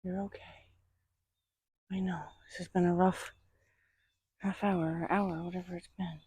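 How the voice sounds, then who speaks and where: A horse trainer speaks outdoors, half explaining the session and half soothing the animal. The voice is husky and a little breathy, at a middling pitch. The delivery is calm and coaxing, with gentle reassurances said again and again. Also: measured pace, dry recording. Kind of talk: casual training vlog, talking to a horse.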